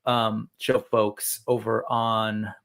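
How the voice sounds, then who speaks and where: A man's voice: lowish voice, little pitch movement, drawn-out words, a bit bright. A man hosting a casual livestream chat, rambling and talkative with frequent fillers and self-corrections. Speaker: livestream host. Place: home studio.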